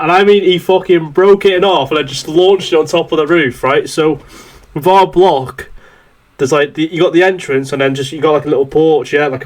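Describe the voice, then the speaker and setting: A man hosting a podcast in casual chat, joking crudely and checking in with "right?" as he talks. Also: fairly high pitch. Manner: crude, joking banter punctuated by "right?" and "yeah?". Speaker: podcast host.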